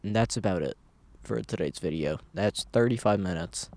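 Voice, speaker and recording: A man's voice: fairly low pitch, moderate pace, a little mellow, no room sound. Earnest rambling young-sounding man vlogging. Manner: earnest, rambling, repeats himself. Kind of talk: casual motivational vlog talk. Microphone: camera mic.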